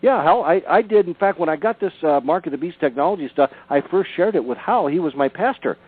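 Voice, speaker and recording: A man's voice: on the high side, expressive, fairly quick, breathy edge, no room sound. Older male radio guest, earnest storyteller, heard down a tinny phone line. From Southern California. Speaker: author and researcher guest.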